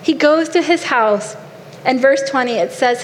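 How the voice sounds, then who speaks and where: Woman preacher, high pitch, earnest and exhorting, recorded in a reverberant hall. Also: unhurried. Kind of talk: sermon. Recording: long hall reverb, faint noise.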